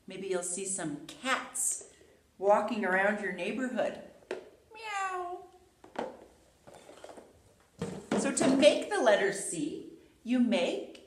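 A woman preschool teacher giving a playful letter lesson and reading a book aloud to young children. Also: on the high side. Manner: animated, playful, sing-song. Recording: roomy echo.

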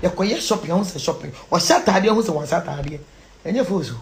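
A Ghanaian woman giving a preachy moral lecture, mixing Twi and English, jumping from shouts down to hushed near-whispers. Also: on the low side, animated, fast, background noise. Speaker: social commentator.

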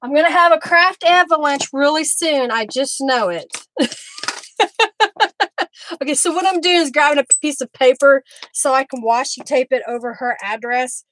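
A woman hosting a live craft stream, chatting warmly with viewers by name as she works. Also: sits high, normal speed. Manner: friendly, talks to viewers by name while working.

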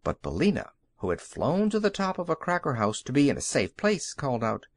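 Expressive male storybook narrator. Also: medium pitch, brisk, few pauses. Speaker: audiobook narrator. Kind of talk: children's audiobook narration.

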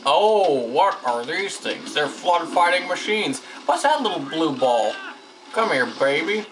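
A young man talks through his gameplay in a goofy, sarcastic, joking voice that sits a bit high, and he often speaks straight to the characters on screen. A steady hiss runs under the home recording. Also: unhurried. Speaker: let's play gamer. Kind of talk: casual gameplay commentary. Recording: home mic with noticeable hiss.

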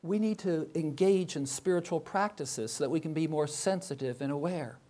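An older man, a professor and chapel speaker, delivers a reflective sermon packed with rhetorical questions. His voice is a little high and mellow, moving at a moderate pace.

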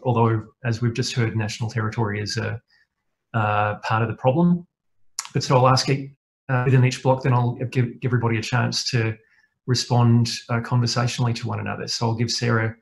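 A man moderating an online panel over a video call, halting and full of uhs. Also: mid-range voice, vocal fry, a little hiss or hum, poor audio.

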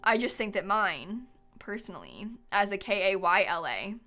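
A young adult woman rambles casually with her live stream viewers, giggling often and using plenty of fillers. Her mid-range voice is sing-song and sharp in tone at a moderate pace, with faint music in the background.

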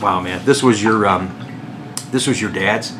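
A man hosting a car vlog at a dealership, chatting in an enthusiastic, casual way with quick asides. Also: on the low side, noisy background. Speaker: Corvette salesman and channel host.

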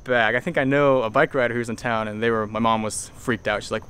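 A man's voice: lowish voice, flat delivery, quick pace, few pauses, a bit bright, slight background noise. A shy young man chatting hesitantly outdoors at a campground at night, with many ums and short answers. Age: young adult. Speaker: local viewer met on camera. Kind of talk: casual chat.

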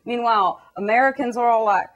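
High-voiced sarcastic woman news parody host. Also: brisk, dull audio. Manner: sarcastic, mocking impressions.

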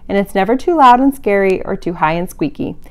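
A gentle, wondering young kitten, voiced by a woman reading a storybook aloud. The voice lilts up and down with lively pitch and sits at a middling height. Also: fairly quick, lightly acted. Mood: curious.

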